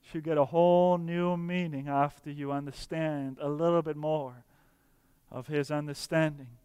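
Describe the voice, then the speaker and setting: A man preaching a sermon earnestly, slowing down for emphasis and dropping to soft, quiet tones. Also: fairly high pitch, steady tone, clear, resonant tone, dry recording, in a large hall.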